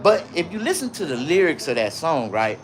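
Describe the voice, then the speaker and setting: A man rambling on a livestream about tattoos, his shirt and a rap feud, out of breath, with loud bursts and mumbled asides. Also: on the high side, fairly quick. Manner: rambling and animated, swinging between loud outbursts and mumbling. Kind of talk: casual livestream rant.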